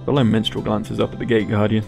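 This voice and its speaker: A man's voice: fairly low pitch, level tone, fast, gravelly, darkish tone, faint music behind. A man reading game text aloud with playful asides while he plays. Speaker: gaming YouTuber. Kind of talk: game narration and commentary.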